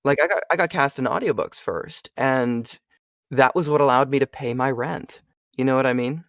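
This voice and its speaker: A man's voice: mid-range voice, normal speed, no echo. Chatty young man, dry sound. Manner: animated, chatty, frequent fillers. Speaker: voice actor guest. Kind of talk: casual interview chat.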